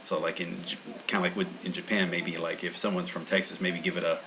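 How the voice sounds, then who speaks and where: A man's voice: low-pitched, level tone, fast, crowd noise, rough recording. A man hosting a language-learning channel, talking in a meandering, casual monologue full of restarts.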